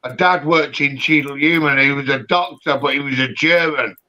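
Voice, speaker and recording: A man, calling in to a live stream and rambling loudly in casual chat, swearing freely. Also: mid-range voice, normal speed. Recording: dull lo-fi audio.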